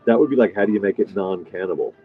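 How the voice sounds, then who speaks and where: Very deep-voiced man chatting from a diner. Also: lively intonation, very fast. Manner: rambling, chatty, reads and answers viewer comments. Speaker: livestream host. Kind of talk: casual live chat with viewers. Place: restaurant diner. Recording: dull lo-fi sound with faint music.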